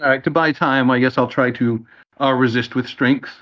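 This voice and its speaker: A man playing a cleric in a tabletop game, speaking calmly and in measured lines. His recording is dull and dry. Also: medium pitch, no room sound. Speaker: player.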